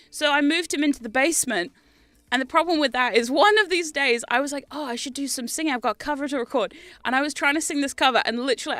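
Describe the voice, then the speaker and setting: A young woman streamer chats in a rambling, casual way, breaking into laughter often and swearing freely. Her voice is high, bright and smooth. It is recorded close and dry, with no room sound. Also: no room sound.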